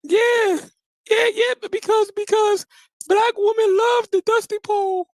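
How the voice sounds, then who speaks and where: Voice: very high voice, steady tone, dry recording. A caller voicing a boastful, mocking immigrant man. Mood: taunting. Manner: taunting, teasing, drawn-out words.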